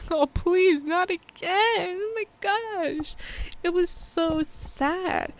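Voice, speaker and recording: High-voiced woman gushing about a movie. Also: smooth. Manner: excited, emotional, rambling with many restarts. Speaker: movie reviewer. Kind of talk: casual spoken movie review.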